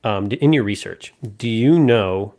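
Give me a man with a somewhat low voice casually co-hosting a film talk show. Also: lively intonation, unhurried, a little mellow. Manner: chatty, laughs often, acts out quotes. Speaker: podcast co-host. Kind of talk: casual movie discussion.

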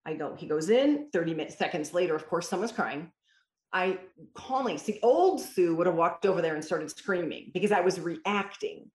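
Her voice is on the low side, expressive and darkish, at normal speed, as she responds to interview questions about mentoring parents. She tells stories emphatically with quoted dialogue, and the recording carries a roomy echo.

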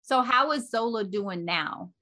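Slow, bright-voiced woman host. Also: a little high, lively intonation. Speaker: podcast host. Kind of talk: interview.

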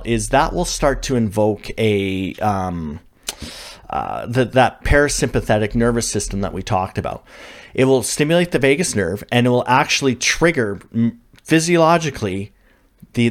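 A male leadership coach giving an instructional talk, conversational with frequent fillers and self-corrections. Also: mid-range voice.

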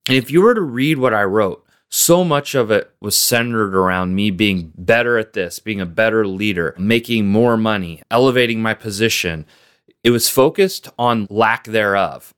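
A man talks straight to his listeners in a solo motivational podcast, coaching them like a business mentor. His pitch sits in the middle but moves a lot, rising and falling as he leans on key words. The delivery is earnest and direct. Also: a bit bright.

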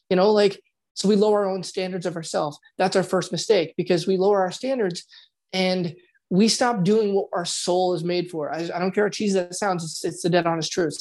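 A man coaching on relationships in a loose, casual monologue at home, swearing freely and acting out quoted inner voices, sometimes speaking more quietly. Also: high voice.

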